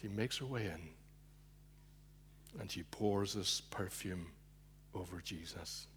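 A man preaching a sermon, telling a story with loud emphasis that drops to hushed, low asides. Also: slow, a little hiss or hum.

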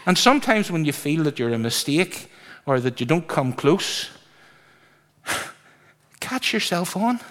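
Male preacher, slow delivery, fairly high voice, sermon to a congregation. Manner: lively, drawn-out emphasis, asks congregation questions.

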